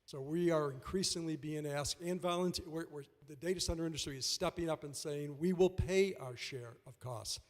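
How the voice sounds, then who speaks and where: A man making remarks at a public forum, halting and restarting often. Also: on the high side. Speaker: industry representative. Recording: reverberant hall.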